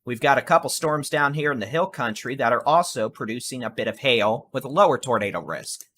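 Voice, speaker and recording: A man with a bright, forward voice talks through live severe weather coverage. He speaks in a mid-range pitch, conversational and reassuring, stressing key points for the viewers he calls folks. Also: animated, a little fast. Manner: addresses viewers directly as folks. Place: home studio with air conditioner.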